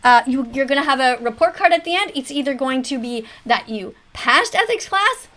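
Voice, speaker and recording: High-voiced teacherly woman in her fifties. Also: moderate pace. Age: 50s. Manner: animated, schoolteacher tone. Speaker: teacher hosting a reaction video. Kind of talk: mock classroom commentary.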